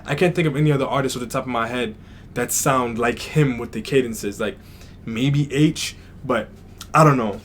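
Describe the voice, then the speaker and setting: A man chats through a music reaction, musing aloud and hedging his thoughts. His voice sits at an everyday pitch, loose and unpolished, and a faint hiss runs behind it. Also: moderate pace. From New York. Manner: thinks aloud, hedging, many fillers. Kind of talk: casual reaction commentary.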